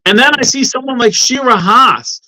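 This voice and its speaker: A man's voice: extremely high pitch, moderate pace, bright, forceful tone, low-quality recording. A man guesting on a talk show as a law professor, speaking in an indignant, impassioned way. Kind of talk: heated talk-show discussion.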